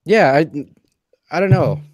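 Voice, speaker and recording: A man's voice: fairly high pitch, slow pace, darkish tone, no room sound, muffled recording. A man co-hosting a casual talk show, rambling and hesitant as he thinks aloud. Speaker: podcast co-host. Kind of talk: casual chat.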